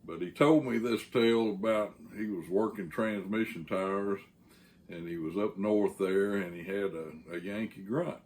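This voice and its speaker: A man with a Texan accent hosting a channel, telling a story casually in a rambling way with frequent "uh" pauses. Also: lowish voice, darkish tone.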